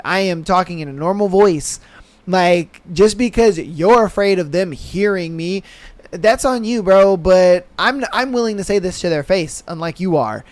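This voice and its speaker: A man's voice: high voice, clear, resonant tone, no room sound. A young adult man hosting a podcast in casual solo commentary, blunt and slangy, often asking "you know what I mean". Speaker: podcast host.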